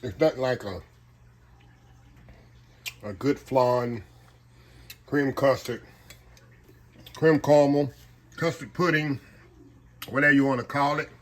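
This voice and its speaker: A man's voice: medium pitch, slow pace, long pauses. A man hosting a casual home cooking vlog, folksy and chatty, calling his viewers y'all. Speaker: cooking vlogger.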